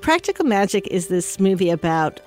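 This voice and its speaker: A widow telling a heartfelt personal story about grief, pausing often. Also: female voice, mid-range voice, very animated, music in the background.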